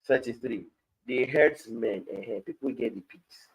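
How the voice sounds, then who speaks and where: Nigerian guy doing bible study on a stream, husky voice, mid pitch, reads a verse then explains it his own way. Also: unhurried, rough recording. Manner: reads scripture aloud, then explains it in Pidgin-laced talk.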